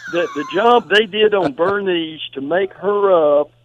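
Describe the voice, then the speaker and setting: A man's voice: sits high, measured pace, a little hiss or hum. A man calling in as a college football analyst on a sports radio show, talking emphatically with frequent stammers and restarts. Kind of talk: phoned-in sports radio talk. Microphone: phone. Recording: tinny phone line.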